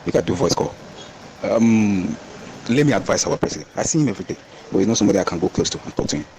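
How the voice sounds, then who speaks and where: A man's voice: fairly low pitch, animated, quick pace, gravelly, darkish tone, slight background noise, low-quality recording. A Nigerian man calling into a radio show, pleading again and again. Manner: pleading, repetitive. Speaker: radio caller. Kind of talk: pleading call-in.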